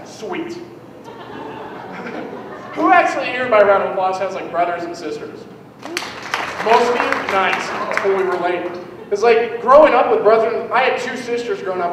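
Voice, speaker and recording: Young male comic, high voice, rambling self-deprecating delivery; roomy hall, distant mic. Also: background noise. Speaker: stand-up comedian. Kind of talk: stand-up routine. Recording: echoey hall, mic heard from afar.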